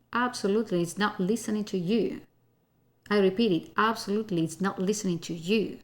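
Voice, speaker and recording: Woman voice coach, unhurried, emphatic teaching delivery, keeps checking in with listeners. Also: mid-range voice, fairly bright tone. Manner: emphatic, often tags "okay?" and repeats key points. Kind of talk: spoken voice lesson.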